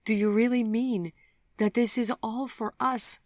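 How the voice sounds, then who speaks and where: Woman doing a young mother, tearful, hoarse with emotion, raised pitch, overwhelmed. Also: fairly even intonation, a little slow, no room sound, studio quality, natural voice. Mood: tearful joy.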